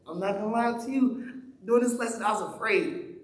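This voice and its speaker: A man's voice: high voice, fairly quick, echoey room, poor audio. A man preaching a sermon in a conversational way, asking his listeners question after question. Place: church hall.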